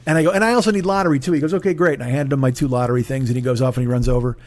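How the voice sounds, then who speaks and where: A man's voice: mid-range voice, fairly even intonation, racing, darkish tone, no room sound. A man hosting his own comedy podcast, telling a profane story and acting out both sides of the argument in raised voices.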